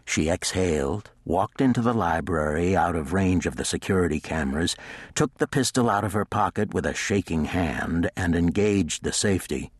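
Low husky male narrator, dry close read. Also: lively intonation, normal speed, no room sound. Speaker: audiobook narrator. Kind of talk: scripted narration.

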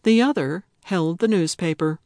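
A woman narrating a cozy mystery audiobook in a measured, unhurried way. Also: fairly low pitch, darkish tone, no room sound, clean studio sound. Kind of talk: scripted narration.

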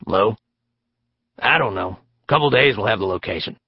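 A man voicing a gruff, condescending big male police detective in an audiobook. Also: fairly low pitch, lively intonation, moderate pace, no room sound, muffled recording. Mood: dismissive. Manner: gruff, dismissive.

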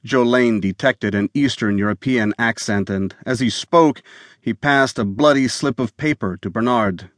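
A thriller audiobook is narrated by a man whose mid-range voice stays calm and measured throughout the scripted reading. The studio sound is clean, with no echo.

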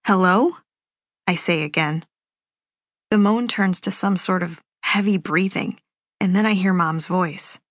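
A woman reading a first-person novel aloud as an audiobook, in a measured, unhurried telling. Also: fairly low pitch, no echo, studio quality. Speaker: audiobook narrator.

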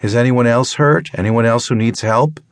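A man voicing a brisk, probing woman doctor who asks direct questions. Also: medium pitch, no echo, clean studio sound, pitched above the performer's own voice, close to an everyday voice.

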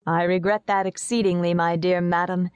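A woman voicing a calm, courteous gentleman suitor who speaks gallantly in an audiobook. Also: fairly low pitch, moderate pace, clean tone, no room sound, close to an everyday voice.

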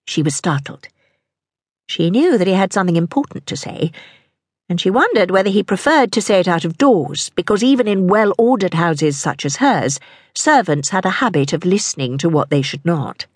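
A woman narrating a historical novel for an audiobook in a measured, even manner. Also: on the low side, husky, dry recording, studio quality.

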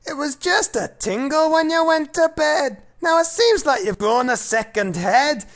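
A man's voice: extremely high pitch, expressive, measured pace, a bit bright, exaggerated voice. A man voicing a boisterous storyteller with a put-on Scottish accent, reading a comic rhyming children's story in a hammy, playful way. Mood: storytelling.

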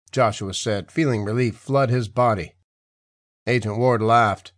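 A man narrating a thriller audiobook in an even, clear storytelling manner. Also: medium pitch, moderate pace, dry recording, studio quality. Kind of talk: scripted narration.

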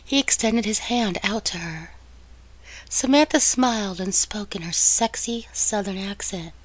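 A woman narrating an audiobook in a measured, even storytelling manner. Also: mid-range voice, poor audio.

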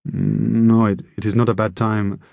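A man's voice: lowish voice, flat delivery, unhurried, vocal fry, dry recording, muffled recording. A man voicing a weary, guilt-ridden middle-aged French husband in an audiobook, answering in hesitant, subdued replies. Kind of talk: audiobook character voice.

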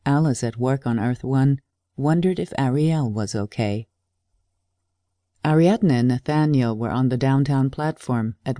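Warm-toned woman narrating an audiobook. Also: very deep voice, no room sound, clean studio sound. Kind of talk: scripted narration.

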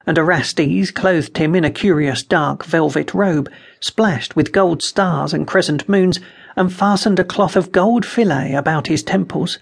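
Male narrator, fantasy audiobook, fairly high voice with gravelly grain, measured and dramatic.

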